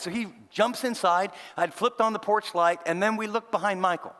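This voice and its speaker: Older pastor preaching in a reverberant hall. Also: male voice, high voice, moderate pace, few pauses, bright, forceful tone. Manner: earnest, confiding, with self-deprecating asides. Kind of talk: conversational sermon storytelling. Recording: long reverb of a large hall.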